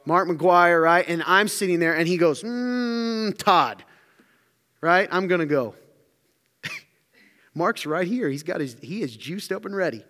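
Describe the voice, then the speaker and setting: Animated preacher in a reverberant hall. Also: male voice, fairly high pitch, normal speed. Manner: animated storytelling, acts out quotes. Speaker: pastor. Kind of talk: sermon.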